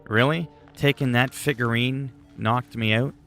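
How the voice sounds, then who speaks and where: A man's voice: mid-range voice, steady tone, unhurried, fairly bright tone, soft background music. A man chatting casually on a gaming livestream, rambling and goofy, often poking fun at himself. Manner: rambling, goofy, self-deprecating.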